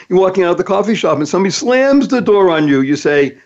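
Male podcast host, emphatic and upbeat, slightly high pitch, dull lo-fi audio. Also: expressive, fast, few pauses. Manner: upbeat, emphatic, playful acronyms. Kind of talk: motivational talk.

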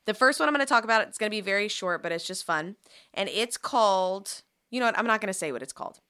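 Woman podcast co-host, bright and forceful tone, casual storyteller who swears freely. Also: mid-range voice, lively intonation. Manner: joking, swears freely, tells the story in rushed bursts.

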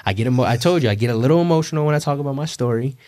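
A young man talking as a podcast guest in a casual, animated way, emotional and swearing freely. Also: medium pitch, very fast, dry recording. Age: young adult.

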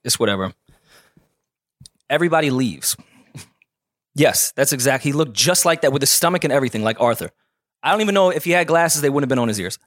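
A man telling a story in casual chat, animated and profane, acting out the people in it. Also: mid-range voice, a little fast, long pauses, dry recording, studio quality.

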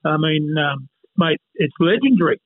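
A man's voice: fairly high pitch, animated, normal speed, no echo. Blunt Australian man on a tinny line. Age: 50s. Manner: blunt and emphatic, keeps saying mate. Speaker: guest, former rugby league player. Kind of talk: casual interview chat.

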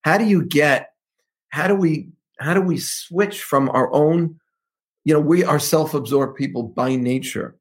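A man's voice: a little high, unhurried, slightly rough. A man, a rabbi hosting an interview, asking thoughtful questions and dropping in Hebrew terms. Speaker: rabbi and podcast host. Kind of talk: interview conversation.

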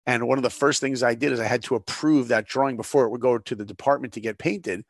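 Gravelly-voiced man telling stories. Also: mid-range voice, fast talker, no echo, studio quality. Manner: animated, emphatic storyteller. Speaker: guest storyteller. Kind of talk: storytelling interview.

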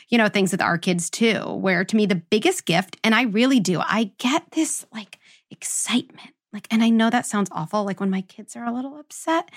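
A woman hosting an interview as a parenting psychologist, explaining her ideas emphatically with lots of "like" and "right?". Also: mid-range voice. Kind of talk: interview conversation.

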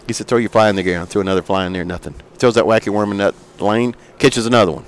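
Animated low-voiced male storyteller. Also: fast. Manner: animated storyteller with sound effects. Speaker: fishing guide and fly maker. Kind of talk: storytelling in a casual interview.

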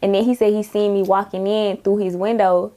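A woman's voice: medium pitch, level tone, a little fast, dark tone. A young woman rapper talking in a casual interview, telling stories in a laid-back way with slang and laughter.

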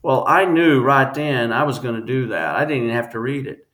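A man, a guest on an interview podcast, telling a personal story in an earnest, halting way with many restarts. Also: medium pitch, fairly bright tone.

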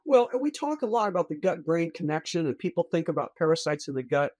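A woman's voice: on the low side, sing-song, fast talker, a little mellow, no echo. A woman physician talking as a guest in a casual discussion, blunt and emphatic.

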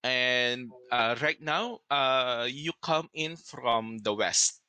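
Slow, bright-voiced male game master. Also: mid-range voice, clear, resonant tone, dry recording. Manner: measured, descriptive narration. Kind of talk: narrating a tabletop game.

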